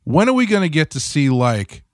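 A man's voice: fairly high pitch, sing-song, normal speed, no echo, clean studio sound. A man co-hosting a casual podcast, wry and sarcastic, often starting with hesitant fillers. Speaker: podcast co-host.

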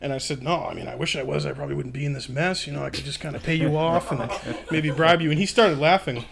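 A man's voice: a little high, fast, creaky, crowd noise. A man in his twenties telling a story in casual chat, swearing freely and acting out what others said. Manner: swearing, laughing, acts out quotes.

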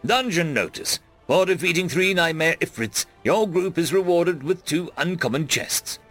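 A man's voice: fairly high pitch, lively intonation, moderate pace, a bit bright, faint music behind, voice pushed up. A man doing a formal dungeon system announcer.

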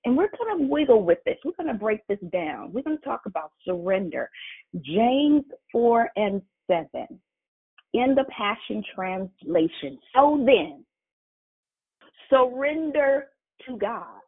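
Woman preacher, slow deliberate delivery, emphatic and repetitive, tinny phone-line sound. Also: mid-range voice, big pitch swings, vocal fry, slightly rough. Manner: emphatic, spells out words and repeats phrases. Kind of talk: sermon.

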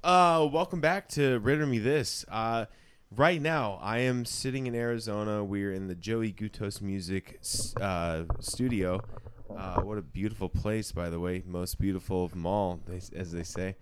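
A young man hosts a loose, casual podcast from a recording studio. His voice sits a little on the low side. He jokes around and laughs often as he talks. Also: moderate pace, slight background noise. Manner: laughing, joking, slips into silly put-on voices. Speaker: podcast host.

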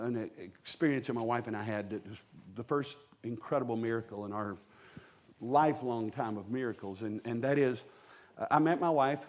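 A man's voice: medium pitch, a little mellow. Folksy man preaching a sermon. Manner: folksy, humorous storyteller with quick asides to the congregation. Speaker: pastor. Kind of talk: storytelling sermon. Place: church sanctuary with a live congregation.

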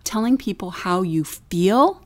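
Woman chatting about parenting, laughs a lot, restarts sentences, middle pitch. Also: lively intonation, measured pace. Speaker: parenting show co-host. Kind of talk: casual advice chat.

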